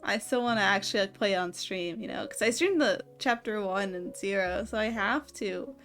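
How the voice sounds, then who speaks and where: A woman's voice: mid-range voice, normal speed, a bit bright, faint music behind. A woman streamer in a casual late-night chat, rambling and giggling often.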